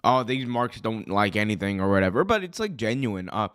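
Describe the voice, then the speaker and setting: Hoarse rambling male wrestling-show host. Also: lowish voice, expressive, a little fast, a bit bright. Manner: rambling, self-correcting, chatty. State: hoarse, recovering from illness. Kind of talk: casual live-stream commentary.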